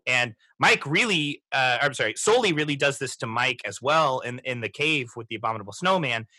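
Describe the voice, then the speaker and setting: A man in his thirties hosting a podcast, reflecting in a halting way with many restarts as he talks through a film. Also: mid-range voice, animated, sharp tone, no room sound. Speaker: podcast host. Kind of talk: casual movie discussion.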